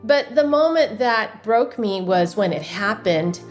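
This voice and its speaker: A woman's voice: medium pitch, measured pace, soft background music. A woman guest author telling an emotional personal story of faith in a casual interview. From United States. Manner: animated, personal testimony with faith talk.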